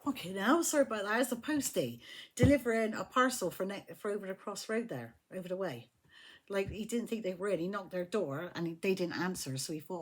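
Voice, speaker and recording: A woman giving a casual tarot reading from her flat at home, chatty and emphatic, swearing freely as she talks. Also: mid-range voice, a little fast, slightly rough. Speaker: tarot reader.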